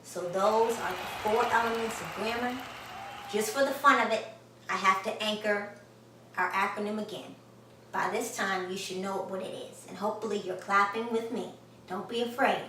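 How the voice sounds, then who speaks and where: A woman's voice: mid-range voice, steady tone, moderate pace, fairly bright tone, far from the mic, a little hiss or hum. A woman giving an online grammar lesson, emphatic and enthusiastic, speaking straight to the viewer. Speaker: grammar teacher. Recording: echoey room, voice from off-mic.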